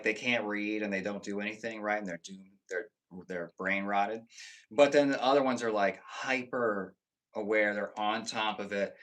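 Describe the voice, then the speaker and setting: This live streamer chats loosely with his audience, cursing without restraint and often starting sentences over. Loud emphatic moments give way to quiet mumbled asides, and his voice is a bit bright.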